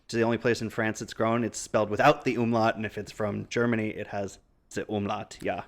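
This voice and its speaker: A man's voice: fairly low pitch, little pitch movement, brisk. A man in his thirties, podcast co-host, chatting casually and explaining wines knowledgeably, often laughing. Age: 30s. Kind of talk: casual chat.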